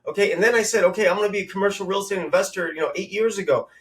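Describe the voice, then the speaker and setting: A real estate investor in his thirties from Southern California, guesting on a podcast, tells motivational stories in an emphatic, punchy, conversational style. His voice is high-pitched, fairly bright and rapid-fire, and he sounds far from the mic.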